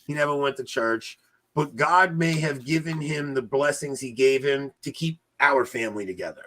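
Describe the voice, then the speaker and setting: A young man, a podcast co-host, talking loudly and animatedly in a rambling casual chat. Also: mid-range voice, normal speed. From New York area. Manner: animated, loud, rambling storyteller.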